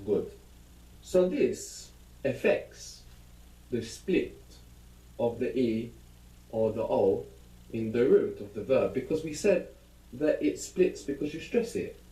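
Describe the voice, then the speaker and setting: A man's voice: mid-range voice, sing-song, takes it slowly, long pauses, warm tone, roomy sound, poor audio. A man teaching a language lesson, patiently prompting his students with questions.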